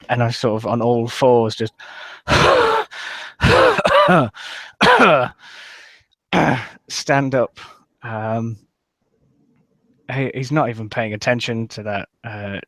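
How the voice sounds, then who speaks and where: A man's voice: mid-range voice, dry recording. Rambling male player in a dry room. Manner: rambling, describes his character's actions. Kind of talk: casual tabletop role-play.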